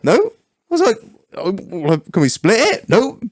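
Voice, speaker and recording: A man co-hosting a podcast, telling sweary, animated stories in casual banter. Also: sits high, moderate pace, no echo, studio quality. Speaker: podcast co-host.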